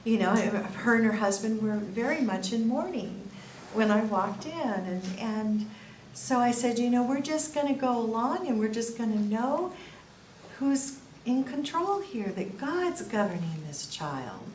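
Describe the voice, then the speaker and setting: Speaking unhurriedly in a somewhat high voice, an older woman gives a faith testimony to a small workshop group, spinning a lively story and chuckling at her own punchlines. The audio is picked up from afar in an echoey room, with faint noise behind her.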